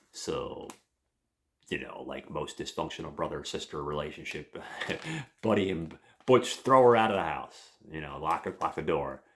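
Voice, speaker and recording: Deep-voiced man, casual podcast host, rambling, profane, filler-heavy. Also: animated, unhurried, fairly bright tone, a little hiss or hum. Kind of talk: casual comic book review.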